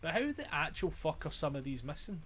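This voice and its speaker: A man's voice: a little high, very animated, brisk, fairly bright tone, slight background noise. A man commentating his own gameplay casually, exasperated and self-mocking, swearing constantly, his throat strained and frazzled. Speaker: gamer streamer.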